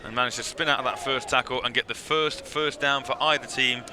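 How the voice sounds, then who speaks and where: A British man giving play-by-play commentary on a football game, reading out stats and rising in pitch on the big plays. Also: steady tone, fairly quick, background noise. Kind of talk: live sports commentary.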